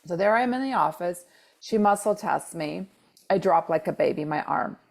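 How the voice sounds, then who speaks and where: Woman with a low gravelly voice. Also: moderate pace. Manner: animated, acts out quoted dialogue with repeated exclamations. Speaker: podcast co-host. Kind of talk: casual storytelling chat.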